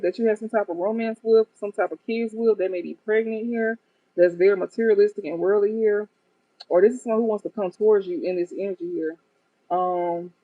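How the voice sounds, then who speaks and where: With a medium-pitched voice and no room sound, a woman does a casual tarot reading for her viewers. The audio is tinny and phone-like, and she's blunt, swears, and frequently laughs at the cards.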